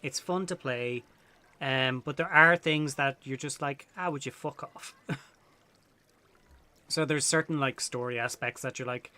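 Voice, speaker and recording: A young man streaming a game and talking casually to chat, excitable and swearing freely in his asides. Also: medium pitch, unhurried, long pauses, smooth, no room sound. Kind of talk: casual gameplay commentary.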